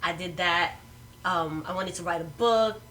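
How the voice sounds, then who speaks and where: Bright-voiced woman comedian telling a story. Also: on the low side, a little slow, recorded from a distance, a little hiss or hum. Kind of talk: casual chat.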